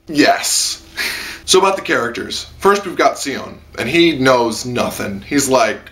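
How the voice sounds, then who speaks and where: Talking at a measured pace from a room at home lit by a lamp, a young man gives an excitable, rambling spoken review of an anime, full of filler and "like." His middle-register voice is bright with a bit of an edge, and character quotes come out as high-pitched squeals.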